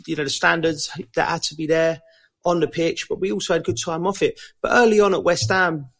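A man swaps stories on a casual podcast. His voice sits slightly high. He talks in a loose, laddish way, restarting sentences as he goes. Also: steady tone, fairly quick, creaky, a bit bright. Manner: chatty storyteller, laddish slang, many restarts. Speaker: co-host, former footballer.

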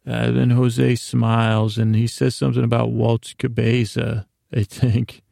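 A man's voice: medium pitch, flat delivery, measured pace, mellow, no echo, clean studio sound. A man rambling through a casual recap of a show he watched, often correcting himself and reading from his notes. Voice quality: gravelly. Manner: meandering, self-correcting, reads his notes aloud. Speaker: podcast host recapping a show.

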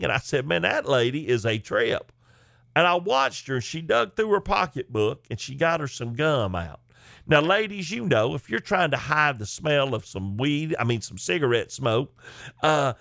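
Male comic storyteller, folksy and animated, dry close mic. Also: fairly high pitch, creaky, dry recording. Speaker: comedian.

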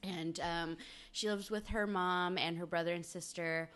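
A woman co-hosting a casual chat, playful and chatty with quick asides. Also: lowish voice, fairly even intonation, fairly bright tone, smooth. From United States.

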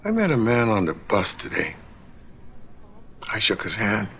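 An actor in a TV commercial playing a gloomy man cursed with a touch that turns things to candy, speaking in a flat, mournful, deadpan way. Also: lowish voice, unhurried, breathy edge, heavily acted. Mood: glum deadpan. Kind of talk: TV commercial acting.

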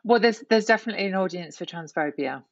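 A woman's voice: on the low side, animated, fast, no room sound, lo-fi sound. A woman guest talking candidly in an interview, reflective and full of restarts and "you know"s. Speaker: guest, writer and columnist.

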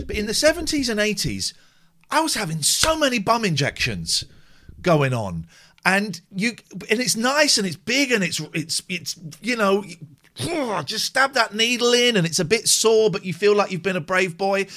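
A middle-aged man hosting a live stream, telling stories in a chatty, animated way with many restarts. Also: sits high, moderate pace. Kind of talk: casual chat and storytelling on a live stream.

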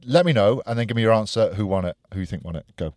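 A man's voice: on the low side, expressive, very fast, a little mellow, dry recording, clean studio sound. A man co-hosting a casual chat, teasing his friend with short quips. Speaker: podcast co-host.

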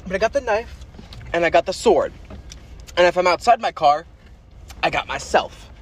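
A man's voice: sits high, expressive, normal speed, breathy edge. Brash, swearing young man. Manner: profane, boastful, swaggering. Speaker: podcast host. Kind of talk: casual podcast chat.

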